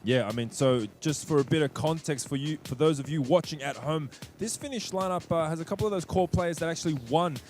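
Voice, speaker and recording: A man's voice: on the high side, a little fast, few pauses, a little mellow. A man casting live esports, chatty and teasing, setting up context for viewers. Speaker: esports play-by-play caster. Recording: faint music behind.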